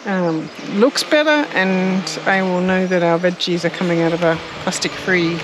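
An Australian woman, co-host of a gardening channel, chats casually outdoors in her garden with background noise around her. Her voice sits fairly low at a normal speed, and she laughs often while searching for words.

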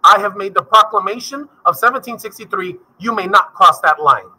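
A man's voice: high voice, brisk, bright, forceful tone, breathy edge, exaggerated voice, rough recording. A man voicing a stern, dismissive king, curt and commanding in a classroom skit.

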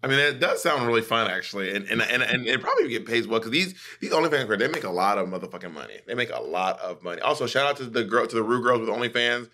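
A man's voice: mid-range voice, animated, fast, few pauses, bright, forceful tone. A man hosting a podcast in casual chat, gossiping animatedly and swearing freely. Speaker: podcast host.

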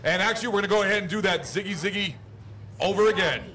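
A man's voice: sits high, racing, pushed and bright. A man hosting a rowdy live podcast at a brewery, laughing and swearing as he eggs his friends on. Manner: laughing, profane, eggs others on. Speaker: podcast host. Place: outdoor brewery patio.

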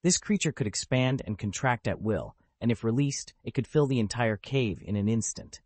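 A man's voice: mid-range voice, expressive, normal speed, darkish tone, no echo. A man narrating a web novel as an audiobook, telling the story steadily.

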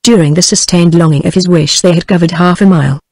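A British woman narrating a storybook in a steady, even text-to-speech reading. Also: lowish voice, fast talker, rough recording. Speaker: audiobook narrator. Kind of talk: scripted narration.

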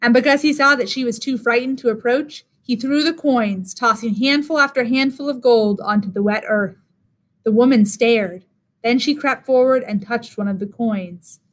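A teacher reading a fairy tale aloud in a measured, expressive way. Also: female voice, on the high side.

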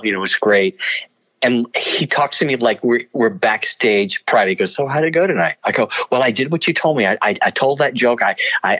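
An older man with a lowish voice tells showbiz stories at a brisk, animated clip, laughing between lines and slipping into other people's voices. The recording sounds dull and lo-fi, as if the top end were cut off. He talks in a warm, chatty interview style. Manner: animated, laughs often, does voices in anecdotes. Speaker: guest actor. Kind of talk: storytelling interview. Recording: dull lo-fi audio.

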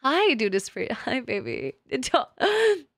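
A woman's voice: fairly high pitch, wildly swooping pitch, unhurried, no room sound, clean studio sound. A young woman streamer chatting casually with her chat, crude and teasing, laughing often. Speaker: VTuber streamer.

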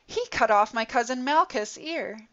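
Woman doing an accusing servant guy, loud and pushy, dull lo-fi audio. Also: fairly high pitch, expressive, unhurried. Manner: accusing, shouting. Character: accusing male servant of the high priest. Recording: dull lo-fi recording.

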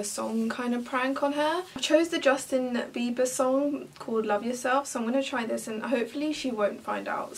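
A woman's voice: a little high, breathy edge, recorded from a distance. A young woman vlogging casually to camera, giggling and bursting into laughter often. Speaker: beauty vlogger.

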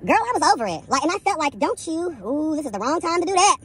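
A woman's voice: sits high, very animated, quick pace, hardly any pauses, a bit bright. A woman telling a story as a casual vlog rant, sassy and profane, dramatic, calling the listener "girl" again and again. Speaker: vlogger.

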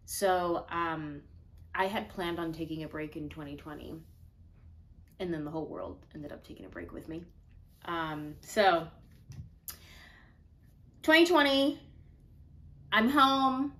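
A woman's voice: lowish voice, expressive, slow, pauses often, fairly bright tone. Chatty, slightly breathless woman vlogger. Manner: chatty, earnest, rambling. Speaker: comedian and video host. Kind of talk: casual talk to camera.

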